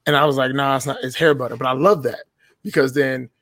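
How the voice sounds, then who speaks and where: A man telling stories in relaxed, profane podcast chat, often acting out what other people said. His voice sits in a middle range and comes across dry and close, with little room sound. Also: mid-range voice, fast talker, no room sound. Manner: profane, laid-back storytelling with quoted voices. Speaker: guest, beard-care business owner.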